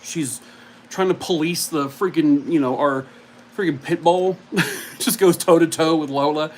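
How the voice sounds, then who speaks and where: A man's voice: fairly high pitch, unhurried, darkish tone, a little hiss or hum, low-quality recording. A man hosting a casual live stream from home, chatting and cooing at his dog. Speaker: streamer host.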